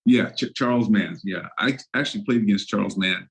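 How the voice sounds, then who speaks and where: A man's voice: on the low side, brisk, creaky, a bit bright, low-quality recording. A man in his sixties, a former football player, telling stories as a guest in a casual interview, laughing often and acting out his anecdotes.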